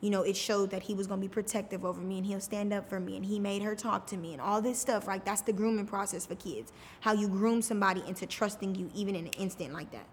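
A woman's voice: medium pitch, quick pace, few pauses, a little hiss or hum. Candid woman in a reverberant room. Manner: casual, frequent "like" fillers. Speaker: podcast guest. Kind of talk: candid personal storytelling. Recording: reverberant room with faint music.

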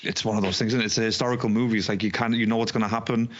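A man's voice: on the low side, steady tone, rapid-fire, a bit bright, muffled recording. A man co-hosting a casual podcast, rambling with fillers and restarts. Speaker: podcast co-host. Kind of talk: casual chat.

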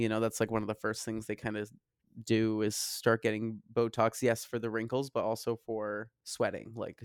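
A man's voice: fairly low pitch, no echo, clean studio sound. Chatty gossiping male podcast co-host. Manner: chatty, gossipy, hedging with fillers. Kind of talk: casual chat.

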